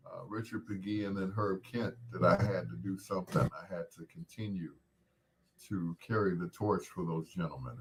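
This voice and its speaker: Man around 60, host, easygoing rambling chat, deep voice, unhurried delivery. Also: slight background noise. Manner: relaxed, rambling, greets viewers by name. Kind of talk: casual live-stream chat with viewers.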